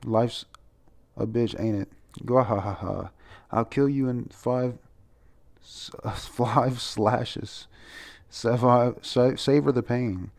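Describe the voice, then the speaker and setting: A man reading out a cruel male villain's lines, slow and taunting with an evil laugh. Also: mid-range voice, gravelly, a little mellow. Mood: gloating.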